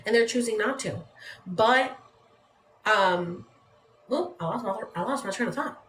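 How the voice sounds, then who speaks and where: A woman's voice: a little high, lively intonation, unhurried, a bit bright. A woman from San Diego chatting casually on a phone livestream from home, rambling and leaning on "like" as she talks. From San Diego, California. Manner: rambling, conversational, uses "like" often. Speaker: livestream host. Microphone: phone mic. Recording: echoey room with faint background noise.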